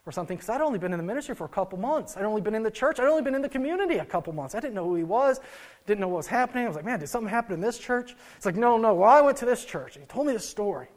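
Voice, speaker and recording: Young guy pastor preaching, kinda high voice, restarts a lot mid-story. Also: expressive, very fast. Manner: earnest storytelling with frequent restarts. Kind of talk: sermon.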